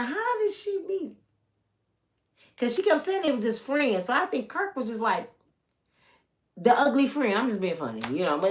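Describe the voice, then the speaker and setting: An animated middle-aged woman from the United States hosts a casual gossip talk. Her pitch swoops up and down with lively energy as she drawls and teases, her tone staying chatty and playful throughout. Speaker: channel host.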